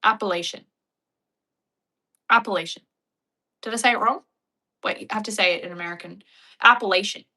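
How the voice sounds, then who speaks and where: Woman streamer, bright voice, playful chat with viewers. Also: medium pitch, fast talker. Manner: chatty, playful, laughs often. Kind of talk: casual chat.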